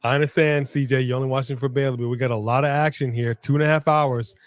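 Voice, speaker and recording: A man co-hosting a live wrestling watch-along stream in casual chat, loosely joking and reading out viewer shout-outs. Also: mid-range voice, steady tone, fast talker, no room sound, clean studio sound.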